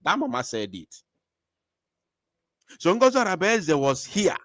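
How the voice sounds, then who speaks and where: A man's voice: high-pitched, huge pitch swings, unhurried, long pauses, a bit bright, no echo, studio quality. A man with an Igbo-accented Nigerian English voice giving impassioned commentary as a show host, angry and repeating phrases for emphasis.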